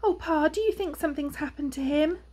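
A woman voicing an anxious mother hedgehog in a storybook, speaking high and fretful. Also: a little fast, dark tone, natural voice. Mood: worried.

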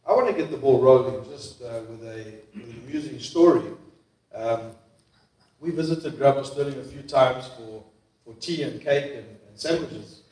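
Male memorial host, halting and gentle, distant in a booming church hall. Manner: halting, soft-spoken, many fillers. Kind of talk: speaking at a memorial service. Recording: echoey church hall, voice from far off.

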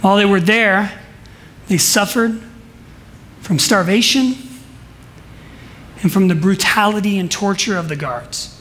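A man preaching a sermon in a church service, telling stories emphatically and swinging between soft asides and loud declarations. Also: high-pitched, measured pace, pauses often, slight background noise. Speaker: pastor.

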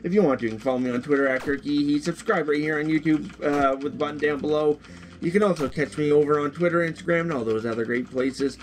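Excitable, higher-pitched gaming YouTuber man. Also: quick pace, slight background noise. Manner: excitable, easily frustrated, jokey. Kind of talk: casual gameplay commentary.

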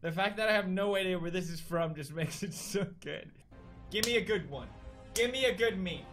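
A man with a Swedish accent hosting a reaction video, joking around and bursting into loud excited yelps. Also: high-pitched, fairly quick, faint music behind. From Sweden. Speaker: host.

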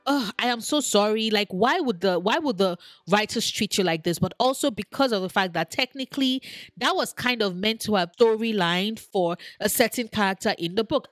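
A woman chatting casually to camera as an online creator, animated and exclamatory, talking straight to the people she discusses. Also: medium pitch, dry recording, clean studio sound. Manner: animated, exclamatory, addresses characters directly. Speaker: online video creator ranking TV characters.

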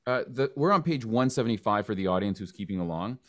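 A man's voice: medium pitch, expressive, fast. A man hosting a podcast, playful and jokey, with big announcer-style openings. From Canada. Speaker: podcast host. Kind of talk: casual interview chat.

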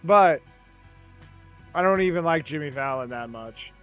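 A man's voice: fairly high pitch, expressive, unhurried, phone-quality sound, soft background music. A man streaming a game, chatting loosely with a friend, swearing and laughing easily. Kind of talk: casual gaming chat.

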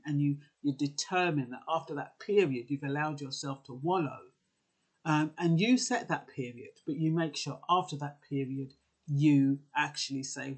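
A man's voice: on the high side, moderate pace, husky. A man giving earnest, conversational advice, with frequent fillers and restarts. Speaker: advice vlogger. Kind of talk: casual advice talk.

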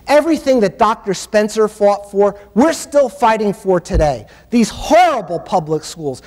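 A man's voice: sits high, animated, normal speed, hardly any pauses, darkish tone. A man giving a conference keynote, telling stories in an emphatic, impassioned way. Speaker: keynote speaker. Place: university conference hall. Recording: long hall reverb.

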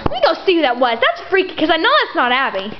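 A teenage girl in a homemade comedy skit, excitable and bossy as she questions an intruder. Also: high voice, rapid-fire. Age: teens. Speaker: homeowner interviewing the hobo. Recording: muffled home video with loud hiss.

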